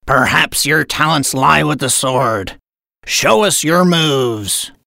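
A woman voicing a gruff, stern but kindly male pirate captain in a read-aloud storybook. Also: sits low, expressive, takes it slowly, bright, forceful tone, no echo, studio quality, heavily acted.

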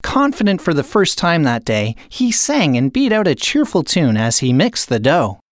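A woman narrator reading a children's picture book aloud in an expressive, unhurried way. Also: sits low, no echo, clean studio sound. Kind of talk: storybook read-aloud.

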